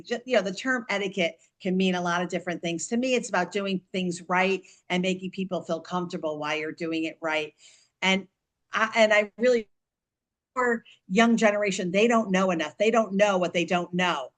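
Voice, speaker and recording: A middle-aged woman, an author and guest on a podcast, talking in animated bursts and often restarting or repeating her words. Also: medium pitch. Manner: speaks digits slowly and deliberately. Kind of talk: conversational interview.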